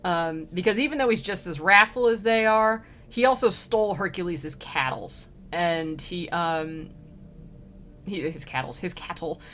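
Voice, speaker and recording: A woman's voice: lowish voice, unhurried, fairly bright tone, a little hiss or hum. A woman streamer reading an old poem aloud and retelling it in casual slang, laughing often.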